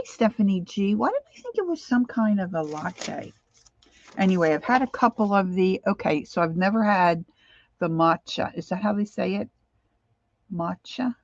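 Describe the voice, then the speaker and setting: A woman's voice: mid-range voice, very animated, moderate pace, highs cut off. An older woman hosting a crafting livestream, chatting casually and greeting viewers by name as she works.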